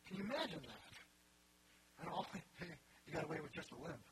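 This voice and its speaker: A man's voice: on the high side, very animated, moderate pace, slight background noise, rough recording. A man preaching a sermon in an earnest, conversational way, with wry asides.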